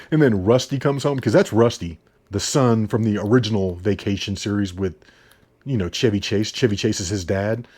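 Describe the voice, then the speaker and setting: A man's voice: fairly low pitch, normal speed, darkish tone. Chatty man casually reviewing movies. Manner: chatty, laughs often, repeats himself.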